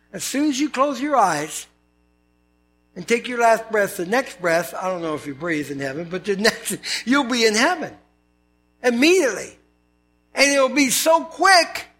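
A man's voice: very high-pitched, fairly bright tone. A man preaching a sermon as pastor, in an earnest, conversational way with scripture readings.

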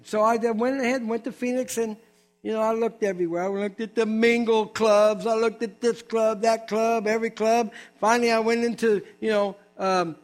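This is an older man delivering a sermon as a personal testimony, with a notably high voice for a man. His manner is animated and humorous, full of quick asides. Faint music plays in the background. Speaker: preacher.

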